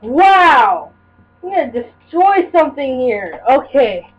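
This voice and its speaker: A woman giving casual gameplay commentary, excitable and yelping at the game. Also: sits high, slow pace, a little hiss or hum. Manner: excitable, shouts and yelps at the game. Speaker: gamer. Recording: dull lo-fi recording.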